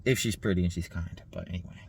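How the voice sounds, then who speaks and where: A man in his thirties rambling in a casual vlog monologue, laughing often, swearing and filling pauses with "like" and "um". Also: low-pitched, creaky, slight background noise. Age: 30s. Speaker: vlogger.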